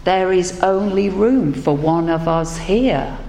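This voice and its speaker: A woman voicing a gentle, unseen woman behind a castle door, speaking softly and in a measured way. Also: fairly low pitch, a little hiss or hum. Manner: soft, measured. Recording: echoey hall with room ambience.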